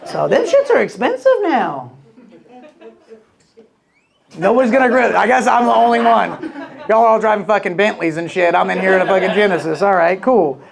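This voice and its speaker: A man's voice: high-pitched, expressive, brisk, creaky, long pauses. A man doing a crude, rambling stand-up set, telling stories and acting out quoted voices. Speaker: stand-up comedian. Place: comedy club before a live audience. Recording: live club audio with crowd. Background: audience laughter.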